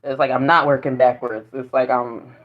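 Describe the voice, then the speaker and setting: A woman's voice: rumbling low, fairly even intonation, normal speed. A woman vlogging in a casual spiritual monologue, rambling and profane, often breaking into laughter. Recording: dull lo-fi recording.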